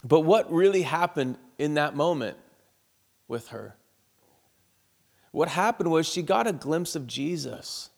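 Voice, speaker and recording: A man's voice: a little high, animated, unhurried, creaky, pauses often, in a large hall. A man, a pastor, preaching a sermon and telling a personal story in an earnest, heartfelt way.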